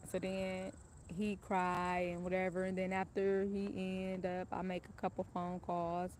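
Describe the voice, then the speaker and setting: A woman's voice: on the low side, monotone, measured pace, a little mellow, slight background noise. A woman casually telling a personal story in a candid, profane, rambling way.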